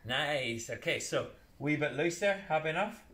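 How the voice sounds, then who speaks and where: A man's voice: a little high, lively intonation, moderate pace, fairly bright tone, reverberant. A man leading a live children's PE class, giving playful step-by-step exercise cues. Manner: upbeat, playful, step-by-step cueing. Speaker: children's PE coach. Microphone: camera set back across the room.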